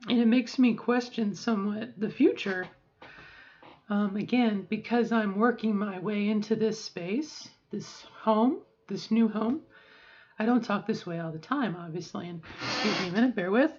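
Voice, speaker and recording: A middle-aged woman talks through a personal video diary in a reflective, halting voice, pausing often and circling back on her words. Her voice sounds a little strained and sore, and her pitch sits in an ordinary middle range. The audio is slightly dull and lo-fi. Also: darkish tone, slightly rough. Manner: reflective, halting, with frequent fillers and restarts. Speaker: vlogger. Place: at home.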